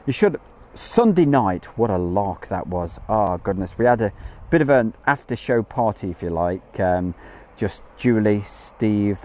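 A man's voice: deep voice, a little mellow. A man hosting a live stream outdoors from a campsite field, chatting in a jokey way and greeting viewers by name. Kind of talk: casual live-stream chat.

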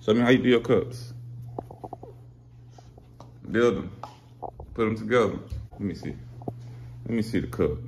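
A man's voice: lowish voice, lively intonation, a little slow, pauses often, darkish tone. A young man hosting a casual home vlog, playfully coaxing kids and dogs and laughing often. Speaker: vlogger. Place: home kitchen. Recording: noisy home recording.

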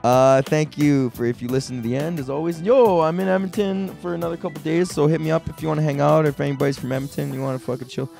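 A man's voice: a little high, fairly even intonation, fast, creaky, few pauses, warm tone, soft background music. A young man hosting his own comedy podcast, rambling in a laid-back, profane, slangy way. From Canada. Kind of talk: casual solo rant.

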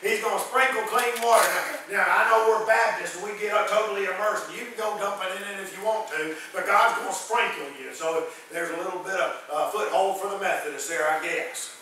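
A man's voice: sits high, pushed and bright, slight background noise. A male pastor preaching a sermon in a folksy, fervent way that builds to hollering, his voice cracking from the preaching. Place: church sanctuary. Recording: echoey church hall, mic far off.

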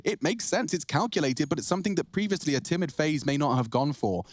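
A man casting a live esports match with energetic play-by-play and joking banter. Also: fairly high pitch, quick pace, no room sound. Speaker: esports caster.

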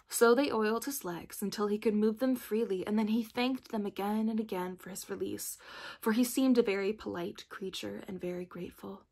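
Husky-voiced woman reading a storybook. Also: mid-range voice, steady tone, moderate pace, a little mellow. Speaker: library staff reader. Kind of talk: reading a children's book aloud.

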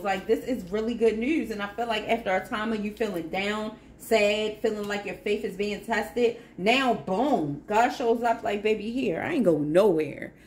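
A woman's voice: a little high, slight background noise. A woman giving a casual spiritual tarot reading, effusive and encouraging, repeating phrases for emphasis. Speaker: tarot reader.

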